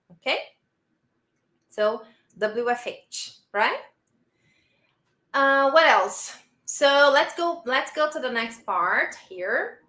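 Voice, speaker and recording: Woman English teacher, bright tone, unhurried, repeats sentences for learners, echoey room. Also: a little high. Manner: patient, repeats model sentences for the class. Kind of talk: live online English lesson. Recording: roomy echo.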